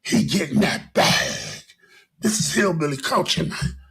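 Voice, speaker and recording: Gravelly, animated podcast host. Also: male voice, on the high side, unhurried, poor audio. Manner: animated, preachy, repetitive riffing. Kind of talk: casual podcast monologue.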